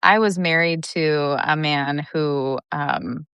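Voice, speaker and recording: A woman from Michigan's Upper Peninsula, a guest on a casual chat, who tells stories in a lively way and acts out her own reactions. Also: deep voice, slow pace, clean tone, dry recording, dull audio.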